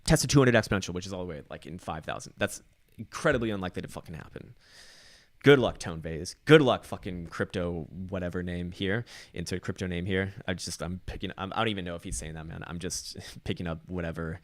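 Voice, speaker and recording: A man's voice: deep voice, brisk, no room sound. A man giving casual market chart commentary, rambling and profane, with many fillers and restarts. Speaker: crypto chart analyst.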